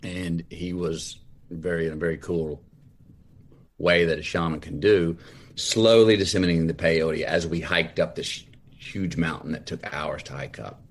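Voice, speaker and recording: A middle-aged man, a podcast guest, telling a long story with lively, drawn-out delivery. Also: sits low. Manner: lively, drawn-out storyteller who acts out scenes. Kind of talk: animated storytelling in a podcast chat.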